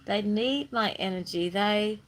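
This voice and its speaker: A woman's voice: medium pitch, a little slow, low-quality recording. A woman talking casually to the camera in a bubbly, chatty way, with playful sing-song bursts. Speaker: spiritual vlogger. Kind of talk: casual monologue.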